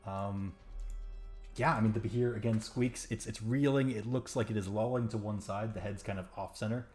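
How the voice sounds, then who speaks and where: A man's voice: lowish voice, fairly even intonation, normal speed, darkish tone, soft background music. A man narrating as game master for a tabletop roleplaying game, chatty and full of fillers.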